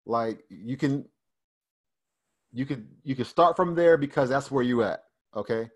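A man leads an online study group over a video call. His pitch sits in the middle, and his explanations are loose and chatty, full of restarts and repeats. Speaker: Bible Hebrew teacher. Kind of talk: casual online study session.

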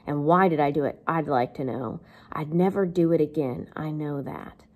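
A woman's voice: deep voice, normal speed, voice pushed down. A woman reading as a harsh, scornful village wife. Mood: scolding. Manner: sharp, scornful, nagging.

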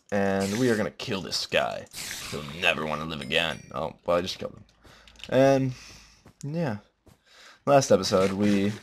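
A man giving rambling, jokey let's play commentary, melodramatic and breaking into loud sudden yelps. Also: low-pitched. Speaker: gamer.

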